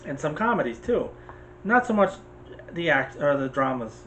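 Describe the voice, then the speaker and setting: An American man co-hosting a casual movie chat. He talks in an animated, opinionated way and keeps jumping into quick asides. A faint hiss sits under his voice. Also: fairly high pitch, dull audio. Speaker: podcast co-host.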